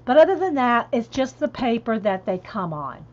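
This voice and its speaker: A woman's voice: fairly high pitch, big pitch swings, normal speed, few pauses. A woman chatting casually on a livestream, laughing often and answering viewers. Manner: chatty, laughing, reads chat aloud. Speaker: coloring livestream host. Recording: dull lo-fi stream audio.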